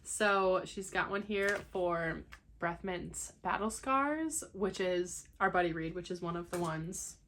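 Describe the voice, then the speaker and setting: A young woman vlogging as she unboxes books, gushing and excitable, at times dropping to a hushed whisper. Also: fairly low pitch, slow pace, a little hiss or hum. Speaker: book vlogger. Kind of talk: casual unboxing vlog.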